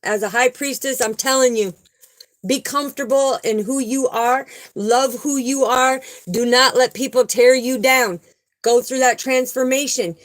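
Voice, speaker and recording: A woman's voice: sits high, fairly even intonation, a little slow, low-quality recording. A woman giving an earnest, emphatic spiritual talk and telling a personal story, often repeating herself for emphasis. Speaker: spiritual vlogger. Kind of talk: casual spiritual talk and testimony.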